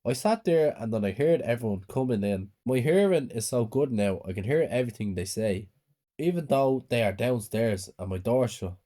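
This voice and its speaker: A man calmly narrating a scripted first-person horror story. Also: medium pitch, moderate pace.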